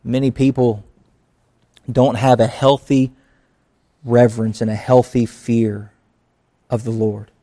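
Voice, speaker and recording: Man, pastor, sermon, conversational, earnest, mid pitch. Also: flat delivery, slow, pauses often, warm tone. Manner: conversational preaching with acted asides.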